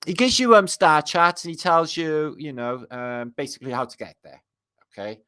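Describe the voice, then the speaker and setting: Guy reading an old book out loud for his viewers, keeps stopping to ramble about it, lots of ums, bright punchy voice. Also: on the high side, moderate pace, clear, resonant tone. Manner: excitable and rambling, with many fillers and asides to viewers. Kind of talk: casual commentary while reading aloud.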